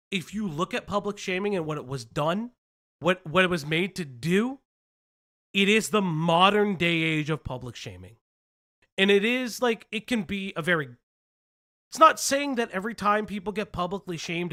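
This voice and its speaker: Animated, swearing woman stream host. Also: medium pitch. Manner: blunt, swears often, animated. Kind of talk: casual commentary.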